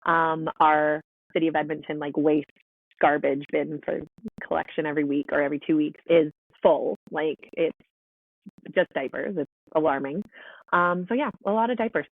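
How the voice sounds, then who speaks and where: A woman's voice: deep voice, fairly even intonation, moderate pace, no room sound. A woman in her thirties talks frankly and emphatically, leaning on repeated words for stress. Her voice comes through a narrow, phone-like remote line. The sound is dry, with no room around it. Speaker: podcast guest, mother of quadruplets. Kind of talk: casual storytelling interview.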